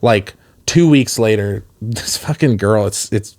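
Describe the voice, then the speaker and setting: A man's voice: on the low side, measured pace, darkish tone. Laughing, rambling man telling a story. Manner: rambling storyteller, laughs often mid-sentence. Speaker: podcast co-host. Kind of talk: casual chat.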